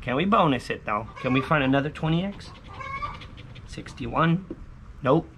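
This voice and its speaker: This lottery-scratch vlogger talks casually and shouts catchphrases in a hoarse, medium-pitched voice with lively intonation and a moderate pace. He's near a camera set on an indoor table, with a noisy background.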